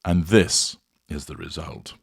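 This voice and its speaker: A man delivering a measured, deliberate scripted commentary as a host analysing a public figure. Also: very deep voice, vocal fry, breathy edge, no room sound, studio quality.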